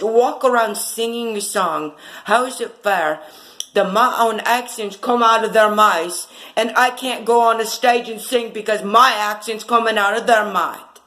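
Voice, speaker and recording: A woman's voice: fairly high pitch, fairly bright tone, poor audio. A woman speaking into a phone in a rambling monologue, with an insistent, aggrieved tone and long run-on sentences.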